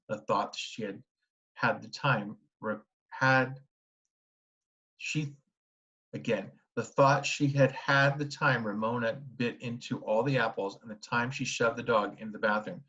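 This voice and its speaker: A man narrating a children's book in a steady storytelling manner. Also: mid-range voice. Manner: steady storytelling with small restarts. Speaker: audiobook narrator. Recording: dull lo-fi recording.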